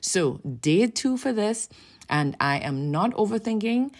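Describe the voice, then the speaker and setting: A woman talking casually through her art journal process, explaining it in a relaxed way with frequent "um" and "like". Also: mid-range voice, a little slow. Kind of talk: casual art tutorial narration.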